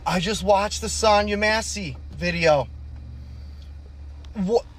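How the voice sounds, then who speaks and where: A woman reacting to a video with outrage, swearing and shouting in bursts. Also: medium pitch, takes it slowly. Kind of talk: emotional reaction commentary.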